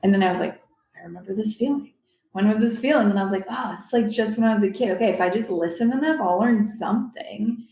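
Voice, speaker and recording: Young woman guest, chatty and animated, from Silicon Valley; recorded with an echo. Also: mid-range voice, quick pace. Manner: animated, rambling, quotes people in voices. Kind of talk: casual storytelling chat. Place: convention venue. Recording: roomy echo.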